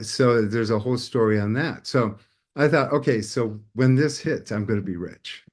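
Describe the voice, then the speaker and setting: A man's voice: on the low side, darkish tone. A middle-aged man telling a personal story to a group as host, acting out the voices of people in it. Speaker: podcast host, painter.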